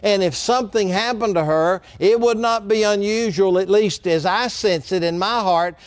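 A middle-aged man delivers a sermon, his voice pitched high for a man. He is earnest and deliberate, slowing down and repeating phrases for weight. The sound is dry and close. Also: dry recording. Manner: earnest preaching, slows down for emphasis and repeats key phrases. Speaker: pastor.

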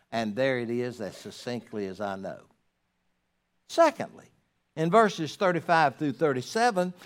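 A man preaching a sermon as pastor to his congregation in church, emphatic, swinging between loud rises and quiet drops. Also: on the high side. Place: church sanctuary.

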